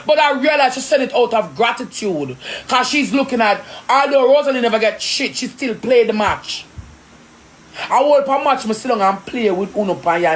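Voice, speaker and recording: A woman with a Jamaican accent, ranting indignantly in rapid patois on a live stream. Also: on the high side, expressive. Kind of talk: heated live-stream rant.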